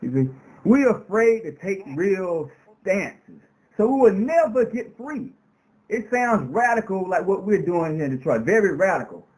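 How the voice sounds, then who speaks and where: A man's voice: high voice, animated, unhurried, darkish tone, poor audio. A man speaking as an interview guest on a radio show, talking in an impassioned, preacher-like way. He repeats words for emphasis and builds long runs of rhetorical questions. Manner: repetitive, emphatic phrasing.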